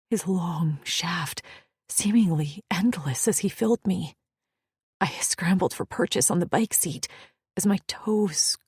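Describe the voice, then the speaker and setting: A woman narrating an audiobook in a hushed, breathy, intimate whisper. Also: mid-range voice, dry recording, clean studio sound.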